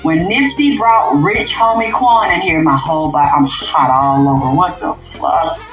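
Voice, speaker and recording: A woman hosting an unscripted livestream rant, profane and emphatic, dropping to low mutters and jumping up to loud outbursts. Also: roomy sound, rough recording. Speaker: livestream host.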